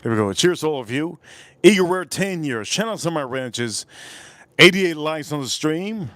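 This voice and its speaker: A man hosting a casual livestream, hyped up, shouting out donors and swearing freely. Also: on the high side, lively intonation, moderate pace, no echo. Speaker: whiskey livestream host.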